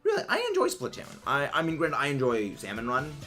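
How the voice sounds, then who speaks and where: A man's voice: medium pitch, huge pitch swings, fast talker, bright, forceful tone, faint music behind. A man livestreaming, chatting casually with his viewers in a rambling, musing way full of fillers and restarts. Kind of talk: casual chat while gaming.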